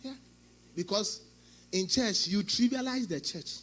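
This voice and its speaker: A middle-aged male pastor preaching a sermon, swinging between loud outbursts and quieter asides, acting out quoted speech. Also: sits high, unhurried.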